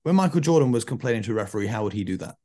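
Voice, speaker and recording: A man's voice: medium pitch, expressive, very fast, mellow. A man hosting a sports podcast, pushing back on his guest with pointed questions. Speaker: podcast host. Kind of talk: casual sports chat.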